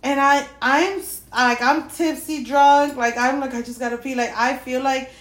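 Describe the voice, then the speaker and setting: A woman co-hosting a podcast, telling a story in casual chat, animated, with lots of swearing and fillers. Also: high voice, moderate pace, reverberant. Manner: animated, swears a lot, many fillers, laughs while telling. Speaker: podcast co-host.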